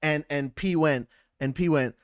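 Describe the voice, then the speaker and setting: A man telling a story in a casual, profane and animated way, acting out both sides of the conversations himself. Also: fairly high pitch, unhurried, clear, resonant tone, dry recording, studio quality. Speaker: battle rapper.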